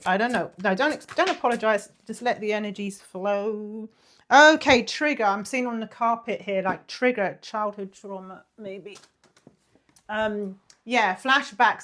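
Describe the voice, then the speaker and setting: A woman giving a casual tarot reading, chatty and apologetic, drifting into soft murmurs and breathy sighs. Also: mid-range voice, slight background noise. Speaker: tarot reader.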